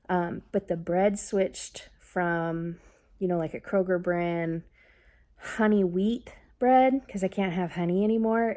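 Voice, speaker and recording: A mother chatting casually on a vlog, rambling with lots of fillers and getting lively when she tells family stories. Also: fairly low pitch. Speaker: mother talking about her family.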